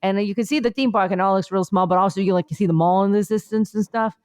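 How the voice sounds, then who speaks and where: A woman co-hosts a comedy podcast from her vacation, rambling her way through a mock-earnest mindfulness routine thick with fillers. She talks quickly at medium pitch, with a clean, slightly mellow tone.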